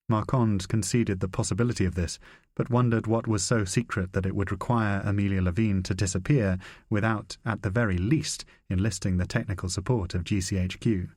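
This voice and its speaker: A man narrates a spy novel in a measured, even reading. His voice sits low, and the recording is dry and close. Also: no echo. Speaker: audiobook narrator. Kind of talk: scripted narration.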